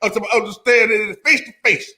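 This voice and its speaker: A man telling a profane, animated story full of slang in a casual chat. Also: high-pitched, a little fast.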